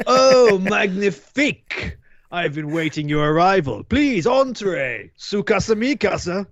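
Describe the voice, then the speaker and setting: A man's voice: on the high side, big pitch swings, takes it slowly, creaky, fairly bright tone, full character voice. A man voicing a fawning French chateau owner in a live script read, with a put-on French accent and a pompous manner, on a lo-fi line. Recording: lo-fi dull sound.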